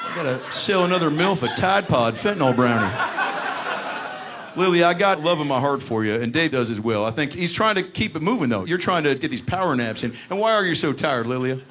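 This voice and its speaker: At a comedy venue, a man does live stand-up crowd work, teasing audience members with brash, profane jokes. His voice is on the high side, brisk and lively in intonation, and the room is full of crowd laughter and noise.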